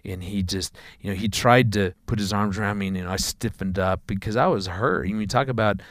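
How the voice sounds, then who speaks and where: A man, a father of four, telling a personal story in a conversation, earnest and halting, often repeating words. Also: lowish voice, a bit bright, no echo.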